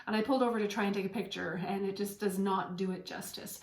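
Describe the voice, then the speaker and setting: A woman's voice: mid-range voice, steady tone, quick pace, few pauses. Woman medium and podcast host, earnest and encouraging, mid-range voice, roomy echo. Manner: earnest, heartfelt, gently encouraging. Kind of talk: inspirational spiritual talk. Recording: echoey room.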